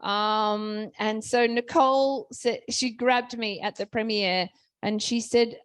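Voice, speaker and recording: A woman's voice: a little high, fairly even intonation, takes it slowly, dry recording. A woman author speaking on a festival panel, telling stories in a chatty way with many restarts.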